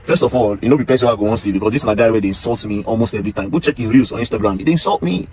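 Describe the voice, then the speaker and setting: A man's voice: on the low side, racing, a little mellow. A man with a Nigerian Pidgin English accent, talking straight to camera and pleading emphatically in pidgin. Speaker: social media commentator. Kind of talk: casual monologue to camera.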